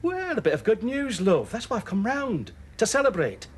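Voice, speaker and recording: A jokey, cajoling suitor. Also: male voice, high voice, huge pitch swings, moderate pace, slightly rough, full character voice. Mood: cheerful. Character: jokey, cheerful man courting a woman. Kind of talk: 1980s television soap acting.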